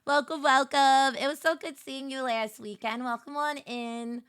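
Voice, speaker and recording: A woman's voice: high voice, fairly even intonation, unhurried, a bit bright, clear, resonant tone, dry recording, clean studio sound. A woman hosting a casual reaction stream, giggly and playful as she chats. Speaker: streamer host.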